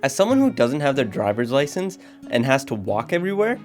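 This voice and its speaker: A teenage man with a slight North Dakota accent hosts a comedic vlog in a sarcastic, self-deprecating way. His pitch swings widely as he jokes. Faint music runs quietly in the background. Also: sing-song, a little fast. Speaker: YouTuber.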